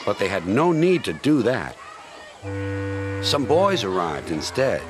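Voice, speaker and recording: A man narrating a children's storybook tale in an expressive, scripted way. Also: lowish voice, takes it slowly, long pauses, noisy background. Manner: expressive, lively delivery. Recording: loud music under the voice.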